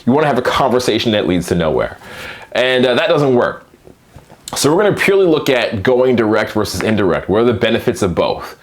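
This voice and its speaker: A man coaching on dating and sales in a casual, animated monologue, acting out short exchanges with plenty of filler words. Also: lowish voice. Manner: animated, acts out quick dialogues with filler words.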